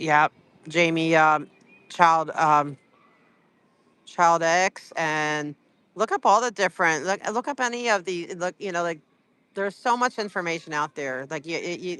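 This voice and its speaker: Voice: mid-range voice, pushed and bright, smooth. A livestreamer chatting casually with viewers from a street event, rambling and teasing, full of filler words. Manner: rambling, full of "like" and "you know".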